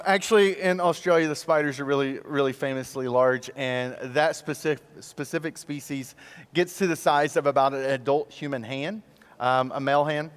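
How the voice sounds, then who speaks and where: Man, guest preacher, humorous storyteller, smooth voice, long hall reverb. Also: on the high side. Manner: animated storytelling, jokes with the crowd. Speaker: guest pastor. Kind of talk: sermon with humor. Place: large church auditorium.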